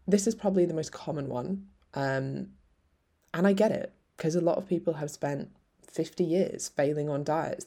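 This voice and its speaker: A woman's voice: sits low, gravelly, warm tone. A woman fitness coach hosting a solo podcast, talking frankly and encouragingly and swearing casually.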